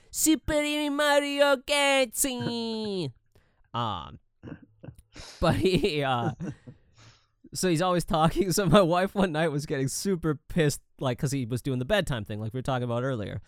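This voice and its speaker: A man in his thirties co-hosting a casual podcast, telling swearing, animated family stories and acting out the voices. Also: medium pitch, a little fast, no echo, clean studio sound. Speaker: podcast co-host. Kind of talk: casual chat.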